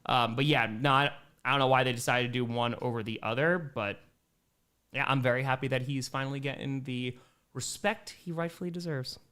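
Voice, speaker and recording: A man's voice: steady tone, brisk, pushed and bright, clear, resonant tone. A man in his thirties, a streamer reading chat questions aloud and chatting loosely in a casual live Q&A. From Wisconsin, USA. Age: 30s. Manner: chatty, reads chat aloud and riffs, talks to his cats in a high baby voice.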